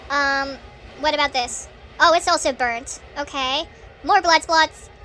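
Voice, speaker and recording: A woman talks through a horror game in a chatty, excitable let's-play commentary, reacting aloud and laughing nervously. Her voice is high-pitched and bright. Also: measured pace, slight background noise. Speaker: gaming channel host.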